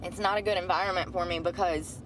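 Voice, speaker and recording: A woman's voice: lowish voice, fairly even intonation, fast, background noise. A middle-aged woman ranting bluntly and profanely about her job. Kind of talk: candid rant.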